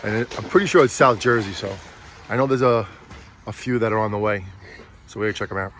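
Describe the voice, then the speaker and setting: A man vlogging as a father while unboxing a prop with his kids, chatty and teasing, easily excited. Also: lowish voice, fast talker, slight background noise. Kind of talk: casual chat.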